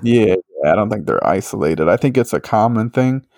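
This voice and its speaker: Male host, lowish voice, rambling casual chat full of fillers and swearing, dry sound. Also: lively intonation, fairly quick, creaky, a little mellow, dry recording. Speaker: podcast host.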